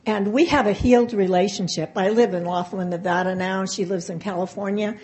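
An older woman telling a personal recovery story, halting and emotional, with pauses and restarts. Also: medium pitch, steady tone, darkish tone. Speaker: speaker sharing a recovery story. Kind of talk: personal testimony.

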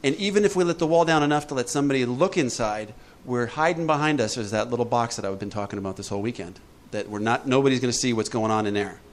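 A man leading a recovery group talk, lively and joking, acting out little voices as he explains. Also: medium pitch, fast talker, few pauses. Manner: lively, jokey, acts out voices. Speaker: recovery workshop speaker.

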